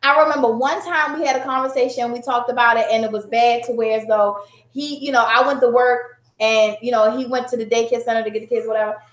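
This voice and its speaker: A woman in her thirties candidly telling a personal story to an audience, animated and conversational, often laughing. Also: on the high side, fast talker. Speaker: guest sharing a personal story. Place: room before a live audience. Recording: roomy, echoey room.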